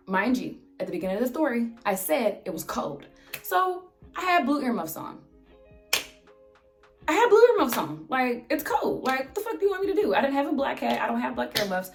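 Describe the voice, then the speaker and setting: A young woman telling a storytime vlog as an animated, sarcastic, heavily profane rant. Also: on the high side, fairly quick, vocal fry, faint music behind. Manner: exasperated, sarcastic. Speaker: vlogger.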